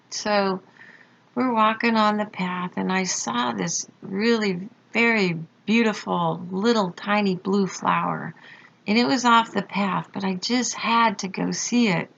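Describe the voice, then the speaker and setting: A woman slowly recounting a personal experience, halting with fillers and pauses. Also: medium pitch, creaky, fairly bright tone. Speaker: storyteller recounting a near-death experience. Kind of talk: slow personal testimony. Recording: dull lo-fi recording.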